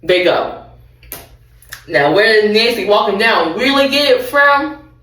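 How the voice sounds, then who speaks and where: A woman's voice: mid-range voice, animated, measured pace, a bit bright, far from the mic. A young adult woman recapping a TV show in a casual, rambling way, correcting herself and adding laughing asides. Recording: roomy, off-mic.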